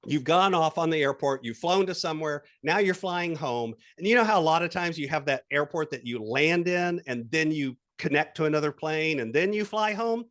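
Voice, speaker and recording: A man who is a guest coach on a podcast interview. He walks the listener through an exercise with animated storytelling and quoted voices. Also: on the high side, moderate pace, hardly any pauses.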